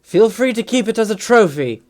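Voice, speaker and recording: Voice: mid-range voice, lively intonation, normal speed, voice pushed up, close to an everyday voice. A tabletop player voicing a female soldier ally who barks orders. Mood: commanding. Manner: barking orders.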